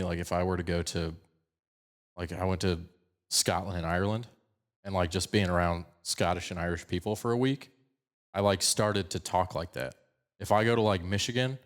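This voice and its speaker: A man from Colorado with a slight picked-up Southern twang, hosting a podcast in fast, animated casual chat. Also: sits low. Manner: fast-talking, animated storyteller. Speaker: podcast host.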